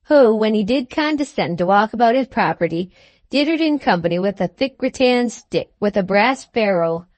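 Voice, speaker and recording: A woman reading an audiobook as narrator, measured and expressive. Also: medium pitch, no echo. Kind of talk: scripted narration.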